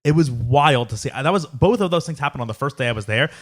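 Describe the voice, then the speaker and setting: A man's voice: medium pitch, animated, fast talker. A man co-hosting a podcast in casual chat, joking around and slipping into silly put-on accents. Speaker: podcast co-host.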